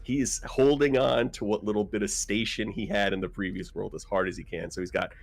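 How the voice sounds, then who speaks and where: Male player, slightly low pitch, rambling and jokey, casual chat. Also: fairly even intonation, fairly quick, creaky, a little hiss or hum. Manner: joking, rambling with laughs. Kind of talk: casual chat describing his character.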